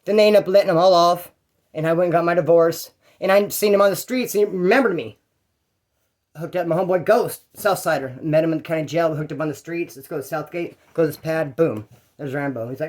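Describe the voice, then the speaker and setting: A man rattles off a rambling, profane story at a quick clip, jumping in and out of other people's voices. His voice sits high for a man. He speaks casually, with no polish. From California. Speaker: former prisoner telling stories.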